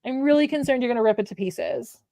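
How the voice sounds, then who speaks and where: Speaking fast in a slightly high, gravelly yet mellow voice, this co-host from the United States rambles through a relaxed livestream chat. She keeps pausing mid-sentence to address her pet, and the condenser mic recording has no room sound.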